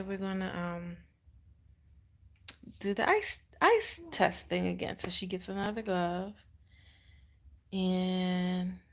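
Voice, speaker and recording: A woman in her thirties tells a personal story straight to the camera in a chatty, unscripted way. She leans on "like" and acts out what other people said in quick quotes. Her medium-pitched voice carries a gravelly, creaky edge. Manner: chatty, many "like" fillers, acts out the nurse in quotes. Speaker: vlogger telling her birth story. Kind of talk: casual storytelling vlog. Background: baby sleeping nearby, she lowers her voice.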